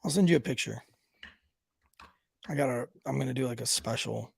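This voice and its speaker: A man's voice: medium pitch, moderate pace, vocal fry, pauses often, breathy edge, dry recording, clean studio sound. A man co-hosting a podcast, joking around with crude, profane banter. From Irish family roots. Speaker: podcast co-host.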